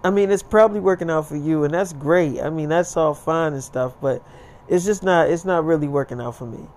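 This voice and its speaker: A man's voice: on the high side, a little fast, a little mellow, lightly acted. A man voicing a blunt young woman who curses and speaks curtly, in a casually told story. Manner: curt, cursing, defensive.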